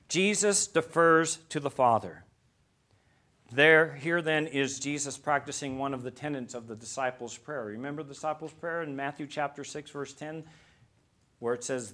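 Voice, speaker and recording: Guy preaching a sermon, kinda high voice, gets loud then drops way down soft. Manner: preaching with wide swings from loud emphasis to hushed low tones. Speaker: pastor.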